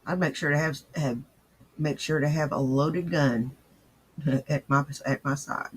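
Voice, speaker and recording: A man reacts to a clip with blunt scorn and casual swearing. His voice is husky and sits fairly high. He talks straight, with no polish. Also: fairly even intonation, measured pace. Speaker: commentator reacting to clips. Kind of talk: reaction commentary.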